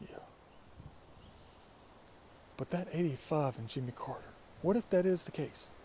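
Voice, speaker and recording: Casual vlogger, male, raspy and congested, rambling speculative musings, warm dark timbre, recorded outdoors with light background ambience. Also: on the high side, measured pace, slight background noise. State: stuffy with allergies. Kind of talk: casual walking vlog monologue. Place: outdoors by a creek.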